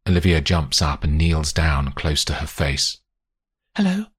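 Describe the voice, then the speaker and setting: A deep, husky male voice reading a thriller audiobook. He narrates slowly and expressively, letting his pitch rise and fall widely. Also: steady tone. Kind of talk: scripted narration.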